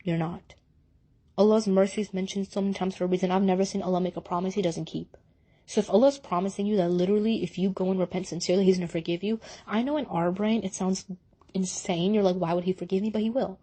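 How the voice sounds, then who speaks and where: A young woman giving a heartfelt, casual motivational talk on faith, speaking earnestly and directly to her listeners with relaxed slang. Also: mid-range voice, fast. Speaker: Muslim advice speaker.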